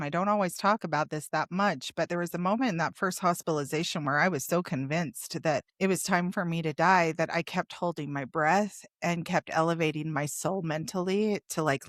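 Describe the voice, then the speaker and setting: Frank woman telling her story, low-voiced. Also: dry recording, clean studio sound. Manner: frank and open, with a wry humor about dark memories. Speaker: podcast guest. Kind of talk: candid storytelling in a podcast interview.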